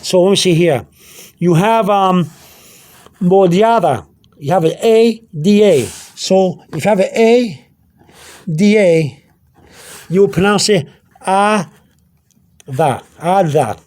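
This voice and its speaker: A man teaches language informally, pointing to features of a product label in a high-pitched, darkish voice with lively intonation. He goes slowly with long pauses, often stopping, repeating words and checking in with "okay?".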